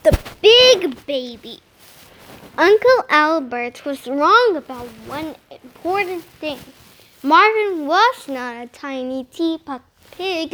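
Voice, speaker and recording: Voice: high-pitched, fairly bright tone. A child reading a chapter of a storybook aloud, carefully and steadily, with a few small slips. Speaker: reader.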